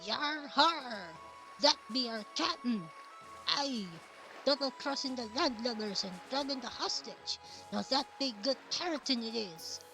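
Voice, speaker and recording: A woman voicing rowdy male pirates in a loud, growled pirate dialect, reading a game's dialogue aloud. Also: sits high, expressive, a little slow, music in the background, rough recording. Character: gruff blustering male pirate crew.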